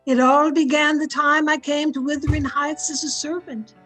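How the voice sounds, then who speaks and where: A woman's voice: high voice, little pitch movement, normal speed, a bit bright, faint music behind, poor audio. A woman playing a loyal, deferential housekeeper who narrates the story in an old-time radio drama. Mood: narrating. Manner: polite, deferential. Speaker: narrator and servant. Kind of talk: 1930s-style radio drama acting.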